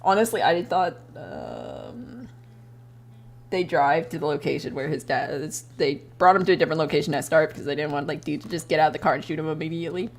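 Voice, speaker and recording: A woman's voice: deep voice, sing-song, fairly quick, gravelly. A woman streamer chatting casually and recapping a story while she draws, rambling, swearing freely and breaking into laughter. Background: faint background music.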